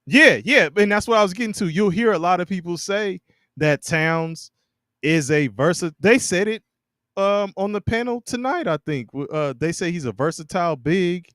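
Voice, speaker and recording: A man co-hosting a casual sports podcast, talking in halting bursts with many restarts and frequent laughter. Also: high-pitched, expressive, fairly bright tone, no room sound, studio quality. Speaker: podcast co-host.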